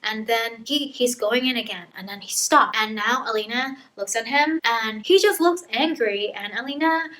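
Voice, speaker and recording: A bright-voiced woman rattles through a casual book summary in a loose, playful, chatty way. Her pitch sits a touch high, and her tone is vivid and forward. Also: moderate pace, hardly any pauses, rough recording. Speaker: book vlogger.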